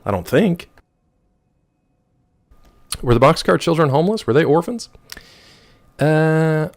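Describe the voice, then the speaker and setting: Streamer, male, 30s, lowish voice, scratchy throat, loose and joking talk. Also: a little mellow. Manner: rambling, wry, reacts to chat messages. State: rough throat. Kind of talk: casual live-stream chat with viewers.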